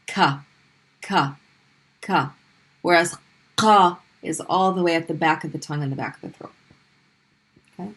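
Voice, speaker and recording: Woman language teacher, slightly low pitch, patient classroom explainer who drills sounds. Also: a bit bright. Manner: patient, repeats sounds slowly and clearly for drilling. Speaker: Arabic teacher. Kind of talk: classroom lesson explaining pronunciation.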